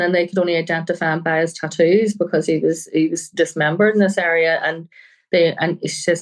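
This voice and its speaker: Earnest low-voiced woman journalist. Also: little pitch movement, a little fast, poor audio. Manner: earnest, quotes people she met. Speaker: journalist guest. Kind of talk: podcast interview.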